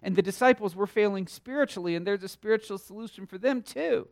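A man teaching a Sunday school Bible lesson, earnest and emphatic, sometimes swelling loud and then dropping quiet. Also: high-pitched, quick pace, vocal fry. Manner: thinks aloud with small restarts.

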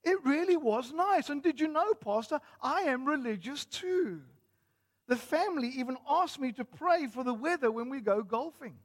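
A man's voice: extremely high pitch, expressive, normal speed, voice pushed up. A fawning churchgoing woman gushes in a raised, sing-song voice, as a man puts her on. Every word comes out effusive and eager. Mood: gushing. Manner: gushing, effusive.

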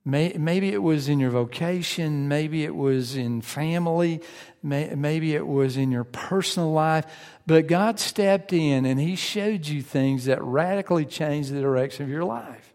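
A man with a slightly high, somewhat mellow voice preaches a sermon at a measured pace, a long reverb tail trailing his words. His style is conversational: he puts questions to his listeners and acts out their inner voices.

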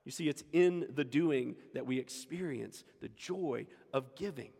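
A man's voice: mid-range voice, measured pace, creaky, mellow, breathy edge. A man preaching a sermon as pastor, emphatic and repeating his key lines for the congregation. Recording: echoey hall with long reverb.

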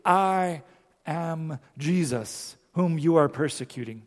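A male preacher voicing a solemn divine voice from heaven, slow and hushed. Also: on the high side, big-room sound.

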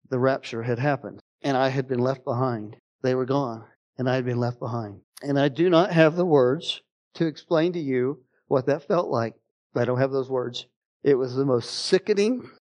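Middle-aged man, pastor, sermon storytelling, fairly high voice, animated, swings between loud outbursts and hushed tones. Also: fairly quick. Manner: animated storytelling, rising to exclamations and dropping low and quiet. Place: church sanctuary.

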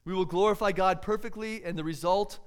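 A man's voice: high-pitched, steady tone, fairly quick, clear, resonant tone. A man preaching a sermon, earnest and expository, often putting rhetorical questions to his listeners.

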